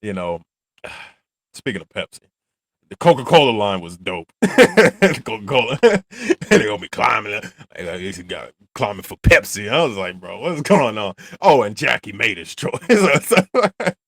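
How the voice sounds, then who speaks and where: Reacting to a film on his channel, this man rambles in a relaxed, lively way and laughs a lot. He has a lowish, sing-song voice with a slightly bright quality and speaks at normal speed, with no room sound in the recording.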